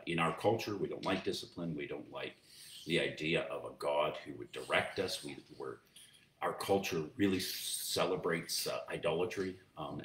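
A pastor with a rumbling low, slightly bright voice preaches a sermon in church, teaching conversationally with many fillers and restarts. The recording has roomy echo, a distant mic, and faint noise.

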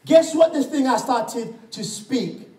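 Man, preacher, high voice, storytelling sermon, echoey hall, distant mic. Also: expressive, slow, a little mellow. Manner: storytelling, acting out quoted dialogue and calling for amens. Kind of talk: sermon with personal testimony. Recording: echoey room, mic far off.

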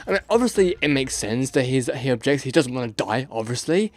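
A man's voice: mid-range voice, expressive, moderate pace, soft background music. A tired man doing casual let's play commentary, exasperated and rambling, swearing as he goes.

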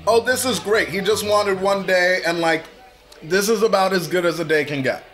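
A man giving a casual, profane reaction commentary while watching a movie, blurting out excited remarks. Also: sits high, normal speed, faint music behind. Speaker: reaction video host.

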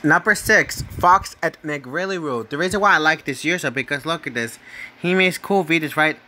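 A man's voice: a little high, normal speed, sharp tone, slight background noise. A man hosting his own channel, casually talking through a ranking of his favorite users. He rambles, repeats himself, keeps asking "right?" and trips over names before correcting himself. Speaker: channel host.

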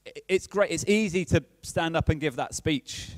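A man's voice: a little high, normal speed, no room sound. A man preaching a chatty, playful sermon and keeping in touch with his congregation. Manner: chatty and playful, keeps checking in with the audience.

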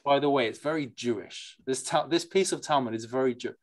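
Lively teacher explaining texts to a class. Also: medium pitch, a little fast. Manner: lively and digressive, asks the class questions; mixes in Yiddish and Hebrew terms. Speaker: teacher leading a study class. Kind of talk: informal lecture, reading texts aloud and explaining them.

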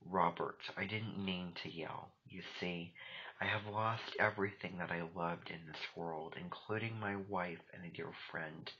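A man reading the part of a weak, gentle, grieving traveler, speaking softly and wearily on a dull lo-fi recording. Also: sits low, steady tone, a little slow, breathy edge, full character voice. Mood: sorrowful. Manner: soft, weary and gentle. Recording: dull lo-fi recording, faint noise.

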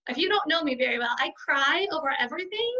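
A woman kindergarten teacher with a bright, forceful voice that sits a little high, telling stories in an interview and acting out what others said. She is middle-aged and talks in an animated, warm way. The sound is dull and lo-fi. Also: fast talker. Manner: warm, animated storyteller who acts out quotes. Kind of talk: casual interview answers.

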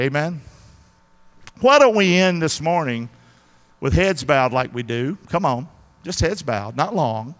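A man preaching as pastor, pleading and repeating himself, moving between hushed prayer and loud exhortation in a large church hall. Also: a little high. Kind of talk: sermon and altar call.

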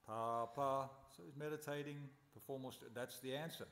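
A man's voice: on the high side, steady tone, fast, reverberant, long reverb tail. A man giving a scripture class at a temple, telling stories animatedly and posing rhetorical questions. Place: temple hall.

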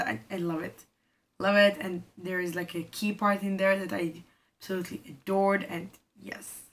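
A woman's voice: fairly low pitch, fairly bright tone. Gushing young woman reacting to music. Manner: gushing, exclaims often, non-native phrasing. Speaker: K-pop reaction vlogger. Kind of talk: casual reaction commentary. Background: faint music playing.

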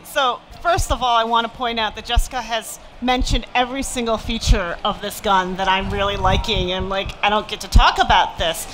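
A woman's voice: fairly high pitch, fairly even intonation, normal speed, hardly any pauses, a bit bright, a little hiss or hum, rough recording. A woman speaking on a panel, earnest and emphatic. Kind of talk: panel discussion.

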